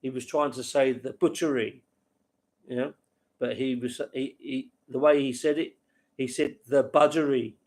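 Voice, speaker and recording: A man's voice: mid-range voice, steady tone, a little slow, a little mellow. A man hosting a casual late-night livestream, rambling to viewers by name and laughing at his own stories. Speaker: livestream host.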